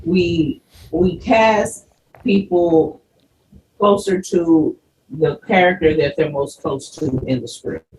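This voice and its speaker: A slightly high-voiced man talks through a casual interview, explaining at length and often restarting his sentences. He sits well back from the mic in a roomy, echoing space. There is a faint hiss behind him. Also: sing-song, takes it slowly, gravelly, a little mellow, distant mic. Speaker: guest from a film company.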